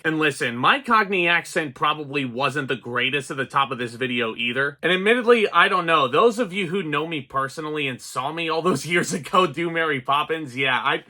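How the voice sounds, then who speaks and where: A man reviewing an old movie in an excited, gushing way, laughing at himself now and then. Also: on the high side. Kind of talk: enthusiastic film review talk.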